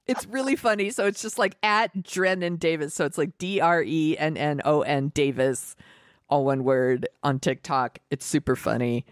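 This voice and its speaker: Her voice sits low and moves at a moderate pace as she co-hosts a podcast, giggling and rambling through casual recommendations heavy with "like." The audio is studio quality with no echo.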